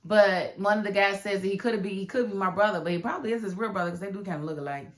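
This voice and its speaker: A woman reviewing a TV drama episode in a casual, animated way, acting out the characters' lines. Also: medium pitch, racing. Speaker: TV show reviewer. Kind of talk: casual recap commentary.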